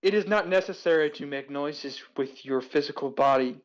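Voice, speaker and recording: A man playing a tabletop game, speaking in a calm, measured and formal way as his character. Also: a little high, low-quality recording. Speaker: player. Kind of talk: in-character tabletop role-play.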